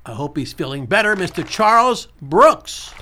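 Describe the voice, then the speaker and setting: Animated high-voiced male talk show host. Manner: lively, repeats key points, slows down to spell out numbers. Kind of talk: casual radio talk show.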